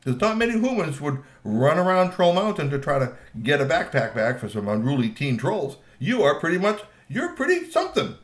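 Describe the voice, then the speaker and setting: A man's voice: fairly high pitch, very animated, fairly quick, few pauses, pitched above the performer's own voice. A man voicing an emotional troll king father, stern one moment and gushing the next, in an echoey room.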